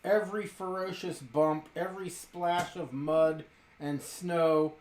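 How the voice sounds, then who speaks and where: A man running a tabletop role-playing game as game master, narrating scenes in a slow, deliberate way. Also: on the high side, fairly even intonation, darkish tone. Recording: roomy echo with faint hiss.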